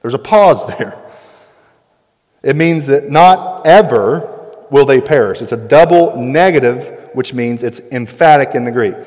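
A man's voice: mid-range voice, lively intonation, a little mellow. Emphatic male preacher in an echoing hall. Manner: emphatic preaching, slows down for key words, rises in intensity. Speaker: pastor. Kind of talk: sermon. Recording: long hall reverb.

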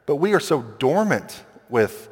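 A man preaching in a loose, conversational way, tossing in quick asides and playing out little quotes. His voice sits a touch high, and a long hall reverb trails behind every phrase. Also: big pitch swings, husky. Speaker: pastor. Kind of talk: sermon.

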